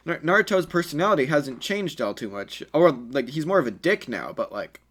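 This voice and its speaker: Guy rambling thru a fan what-if story, lots of likes and restarts, pitch bouncing around. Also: big pitch swings, a little fast, fairly bright tone. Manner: rambling, filler-heavy, self-correcting. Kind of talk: casual improvised story narration.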